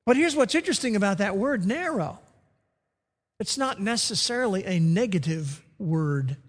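High-voiced preacher in a reverberant hall. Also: male voice, expressive. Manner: slow and deliberate, acts out comic voices of others. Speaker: pastor. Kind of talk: sermon.

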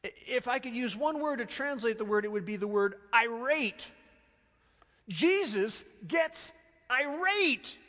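Give me a middle-aged male pastor preaching with a high voice in a reverberant hall. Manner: animated, storytelling, with sudden soft, slow stresses. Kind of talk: sermon. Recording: long reverb of a large hall.

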